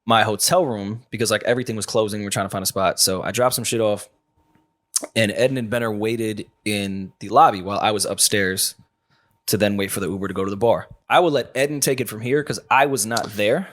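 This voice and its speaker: A man's voice: fairly low pitch, a little fast, fairly bright tone. A man hosting a podcast in casual chat, joking and laid-back. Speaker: podcast host.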